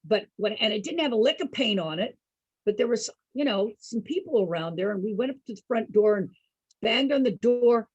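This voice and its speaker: A woman with a husky voice telling a casual story to an online group over a video call, chatty and calling her listeners folks. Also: on the high side, expressive, a little fast, a little mellow, dry recording, muffled recording. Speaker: storyteller host.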